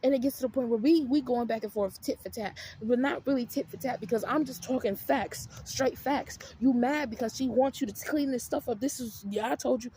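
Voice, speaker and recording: A woman's voice: on the high side, brisk, few pauses, warm tone, a little hiss or hum. A woman vlogger heatedly retelling a family fight in a profane, emphatic storytime rant.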